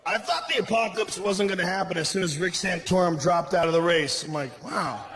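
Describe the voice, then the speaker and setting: A man performing a stand-up comedy set, loud and profane, shouting his punchlines. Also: high voice, fast talker, music in the background. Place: comedy club stage with a laughing audience. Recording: live club recording with audible crowd noise.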